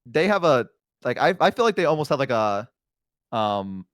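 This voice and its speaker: A young man with a Southern US accent chats casually as a livestream host. He rambles and hesitates, piling up fillers as he tells stories. His voice sits at a middle pitch and sounds dry and close. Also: big pitch swings, moderate pace, no room sound. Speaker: streamer host.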